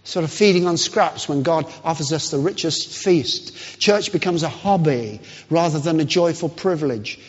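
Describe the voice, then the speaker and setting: A man preaching a sermon, telling a story with pauses and restarts. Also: on the high side, slightly rough. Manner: storytelling, pauses and restarts, lively rise and fall. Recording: dull lo-fi sound in long hall reverb.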